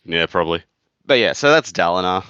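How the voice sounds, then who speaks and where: A man's voice: sits low, lively intonation, a little fast, pushed and bright, clear, resonant tone, dry recording, lo-fi sound. A man co-hosting a casual book podcast, talking bluntly, swearing freely and laughing often. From outside the United States. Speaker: podcast co-host. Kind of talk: casual book-club chat.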